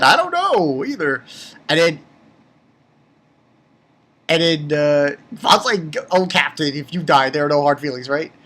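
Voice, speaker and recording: A manga reviewer gives an excitable, rambling recap of a chapter, repeating himself and swearing casually. When he quotes characters, he jumps into high, squeaky voices.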